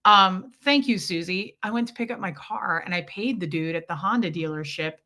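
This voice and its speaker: A woman with a fairly low, sharp-toned voice hosts a casual livestream at normal speed, reading chat as she tells jokey stories and greets viewers by name mid-sentence.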